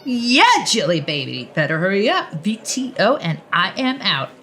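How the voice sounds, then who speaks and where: A woman voicing a sassy, loud female coworker who shouts across a call center. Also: medium pitch, big pitch swings, normal speed, faint music behind, voice pushed up. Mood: brassy. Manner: brassy, shouting.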